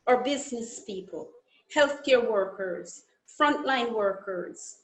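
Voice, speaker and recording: Jamaican-born woman delivering a proud, measured address; slightly high pitch, roomy echo. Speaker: speaker giving an independence day message. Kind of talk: prepared speech. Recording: echoey room.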